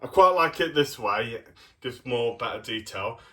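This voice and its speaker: A man's voice: mid-range voice, animated, moderate pace, a bit bright, a little hiss or hum. A young man giving a casual review of a toy set, rambling and hesitant with many ums.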